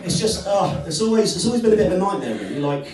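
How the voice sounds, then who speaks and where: Male stand-up comic, self-deprecating stories, lively crowd, distant mic. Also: high voice, fast. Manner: wry, self-deprecating storytelling with crowd work. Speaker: stand-up comedian. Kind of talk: stand-up comedy set. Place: comedy club. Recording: echoey club, far from mic, crowd.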